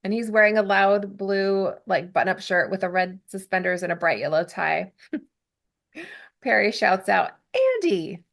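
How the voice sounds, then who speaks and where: A woman's voice: mid-range voice, fairly even intonation, moderate pace, vocal fry, a bit bright. Chatty giggly woman recapping a show. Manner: chatty, giggly, narrates plot with asides. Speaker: podcast host recapping a TV episode. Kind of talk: casual chat.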